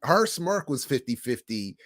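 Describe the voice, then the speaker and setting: A middle-aged man hosting a livestream, telling stories in a casual monologue with animated swings between hushed and loud. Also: mid-range voice, a little slow, no echo, clean studio sound. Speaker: livestream host.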